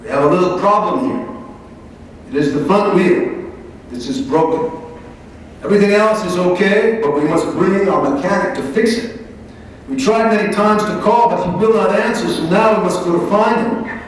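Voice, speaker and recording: A man's voice: high-pitched, normal speed, a little hiss or hum, pitched above the performer's own voice, natural voice. A slick, wheedling smuggler speaks in a raised, coaxing voice, as a man reads him aloud. The sound rings through a large hall with long echo and distance from the mic. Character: smooth-talking male people smuggler, wheedling. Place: large library event hall. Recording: echoey hall, mic from far off.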